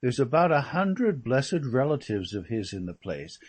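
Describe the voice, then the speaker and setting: A man reading aloud as a chatty, flippant young English gentleman who rambles through gossip. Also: mid-range voice, sing-song, moderate pace. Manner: rambling, breezy, full of slangy asides.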